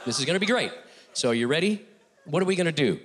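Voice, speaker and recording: A middle-aged male ventriloquist doing a comedy routine on a TV talk show stage. He is animated and often chuckles between lines. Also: fairly high pitch, fast talker. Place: TV studio stage with audience.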